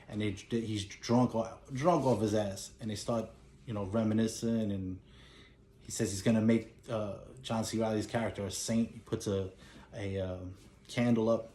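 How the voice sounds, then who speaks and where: A man casually retelling a film's plot as a collector and reviewer, animated and breaking into character lines. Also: lowish voice, slight background noise. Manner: animated storytelling, acts out lines in a raised voice. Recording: roomy echo.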